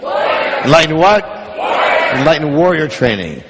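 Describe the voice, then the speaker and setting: A man's voice: fairly high pitch, big pitch swings, moderate pace, over a noisy crowd. A man giving a motivational seminar talk in a large hall, driving the audience with call-and-response questions. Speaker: motivational speaker.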